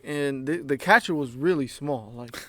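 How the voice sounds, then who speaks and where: A young man co-hosting a podcast, telling animated, profanity-filled stories and acting out what people said. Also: mid-range voice, moderate pace, no room sound. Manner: animated storytelling, heavy swearing, acts out quotes. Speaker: podcast co-host. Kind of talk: casual chat.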